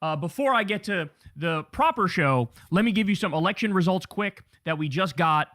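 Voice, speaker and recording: An energetic man hosting a news commentary show, chatty and informal with his audience. His voice sits a touch high and sounds close and dry. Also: moderate pace, no room sound. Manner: energetic, chatty, addresses chat as y'all. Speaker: host.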